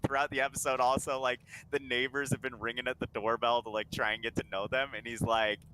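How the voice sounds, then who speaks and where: A man's voice: mid-range voice, flat delivery, fast, low-quality recording. A man in casual chat on a gaming stream. He rambles, swears a lot and laughs while retelling a story. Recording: loud background noise with clicks.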